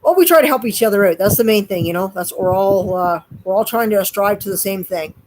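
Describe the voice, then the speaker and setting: A woman's voice: medium pitch, fast talker, low-quality recording. Chatty Canadian woman vlogging. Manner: chatty and rambling, often addressing viewers. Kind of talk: casual live-stream chat.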